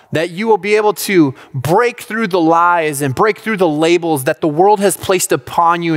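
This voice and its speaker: Storytelling youth pastor, higher male voice. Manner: storytelling with animated self-quotes and direct appeals. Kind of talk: sermon.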